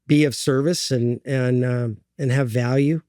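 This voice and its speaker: Earnest man telling his story haltingly. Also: medium pitch, steady tone, warm tone, clear, resonant tone, no echo, studio quality. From United States. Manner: earnest, halting, many fillers and restarts. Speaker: guest. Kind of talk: candid interview storytelling.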